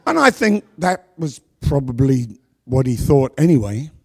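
A middle-aged man preaching a sermon to a congregation on a handheld microphone, with a worn voice, asking rhetorical questions and pausing for effect. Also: medium pitch, very animated, husky. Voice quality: voice worn from past yelling. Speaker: pastor.

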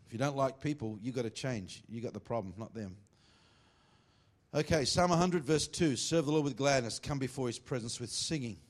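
A pastor with a mid-range voice delivers a sermon, moving between jokey, teasing asides to the congregation and emphatic preaching. When he reads scripture, he does it slowly and deliberately.

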